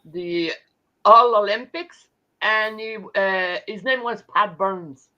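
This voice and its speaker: A bright-voiced woman with a French Canadian accent chats slowly on a live stream. She stops and restarts a lot, and the audio comes through dull and lo-fi. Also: mid-range voice. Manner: chatty, halting with restarts, talks with her hands. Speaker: host. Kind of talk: casual live-stream chat.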